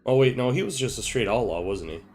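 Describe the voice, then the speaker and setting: A man hosting a gaming session, chatting casually and easygoing, quick to laugh. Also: medium pitch, expressive, a little mellow, faint music behind. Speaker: channel host, gamer.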